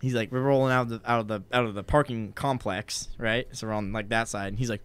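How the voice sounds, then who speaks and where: A man's voice: mid-range voice, fast talker, hardly any pauses, a crowd in the background. Rambling young man telling a story. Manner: rambling, profane, heavy on filler "like". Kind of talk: casual storytelling chat.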